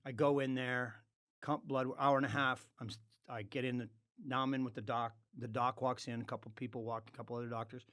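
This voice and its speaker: A man's voice: mid-range voice, little pitch movement, a little fast, a bit bright. Blunt, profane man telling a story. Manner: blunt and profane, acting out dialogue. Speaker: podcast guest, former hockey player. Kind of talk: storytelling in casual podcast chat. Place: podcast studio.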